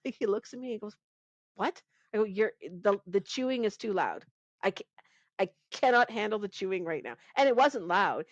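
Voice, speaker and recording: A woman guest on a podcast interview, talking in an animated, conversational way, often laughing and restarting her sentences. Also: medium pitch, no room sound, dull audio. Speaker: podcast guest, pain reduction coach.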